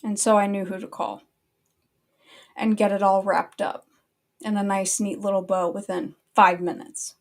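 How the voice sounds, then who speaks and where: A woman's voice: medium pitch, flat delivery, a little slow, vocal fry, pauses often. Annoyed woman ranting casually. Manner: annoyed, blunt, swears freely. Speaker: online commentary host.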